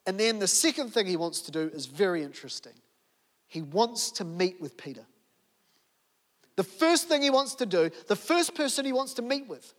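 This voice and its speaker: Kiwi pastor guy preaching, high voice, lots of rhetorical questions, long echo like a big church hall. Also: expressive, moderate pace. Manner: storytelling with many rhetorical questions. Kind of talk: sermon. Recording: long reverb of a large hall.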